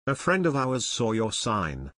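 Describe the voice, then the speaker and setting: A man's voice: medium pitch, huge pitch swings, unhurried, a bit bright. A man voicing a polite, poised teenage girl applying for a job.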